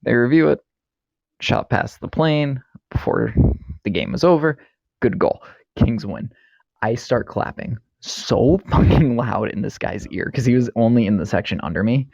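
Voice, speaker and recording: A man's voice: mid-range voice, lively intonation, moderate pace, gravelly, darkish tone, no echo. A man telling a blunt, profane story in casual chat and laughing easily. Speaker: podcast co-host. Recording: dull lo-fi dry mic.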